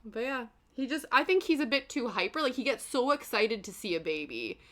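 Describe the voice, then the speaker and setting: A woman's voice: a little high, big pitch swings, fairly quick, a bit bright. A young woman chatting casually while she cross stitches on a stream, rambling through stories and answering chat. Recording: background music under voice.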